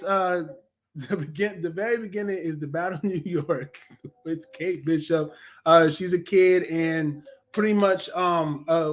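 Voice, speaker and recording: A man co-hosting a podcast, chatting casually in a review, rambling with many fillers and self-corrections, and speaking to listeners in a laid-back way. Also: a little high. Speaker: podcast co-host reviewing a TV series.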